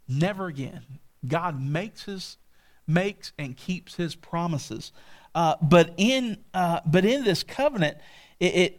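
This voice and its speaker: A middle-aged man preaching a sermon, telling folksy stories and checking in with listeners with frequent asides. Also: high voice. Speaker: pastor.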